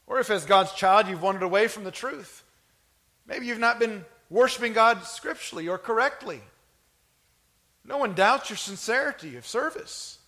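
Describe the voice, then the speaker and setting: A man's voice: sits high, lively intonation, normal speed, bright, forceful tone. A man preaching a sermon to a congregation, with emphatic delivery that swells and drops. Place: church.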